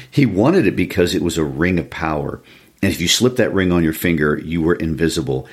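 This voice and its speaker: A man's voice: sits low, expressive, a little fast, slightly rough. A man in an easygoing literary chat who chuckles as he talks and reads passages aloud. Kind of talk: casual literary discussion and reading aloud.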